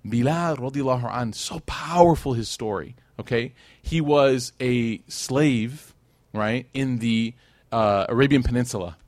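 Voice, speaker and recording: A man's voice: mid-range voice, unhurried, a little mellow, dry recording. Guy giving a laid-back religious lesson, keeps asking "right?", dry close sound. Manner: conversational, checks in with "right?" and acts out quotes. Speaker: Islamic class teacher. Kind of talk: casual religious lecture.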